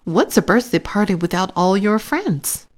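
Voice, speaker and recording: A woman voicing an eager eight-year-old boy in a read-aloud storybook, in a bright, raised voice. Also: medium pitch, expressive, moderate pace, close to an everyday voice. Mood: excited.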